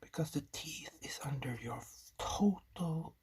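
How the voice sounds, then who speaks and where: A man's voice: on the high side, measured pace, a little mellow, whispered, low-quality recording. A man with a non-native English accent hosts a do-it-yourself electronics video. He talks casually and rambles with joking asides, muttering to himself as he works at a home workbench. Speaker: DIY electronics channel host. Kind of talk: casual talk-through while building a circuit. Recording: clear clicking and typing noise behind the voice.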